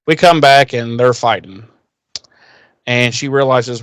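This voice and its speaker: A man's voice: mid-range voice, takes it slowly, smooth, no echo. Profane man recapping a TV episode. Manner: profane, animated retelling with acted quotes. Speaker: podcast co-host. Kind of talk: casual chat recapping a TV episode.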